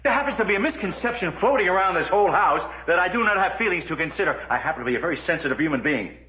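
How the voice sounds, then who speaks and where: A blustering wealthy patriarch. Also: male voice, high-pitched, animated, rapid-fire, sharp tone, slight background noise, low-quality recording. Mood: indignant. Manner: blustering, emphatic, scheming. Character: domineering wealthy older family patriarch, blustering. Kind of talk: 1980s TV soap opera acting.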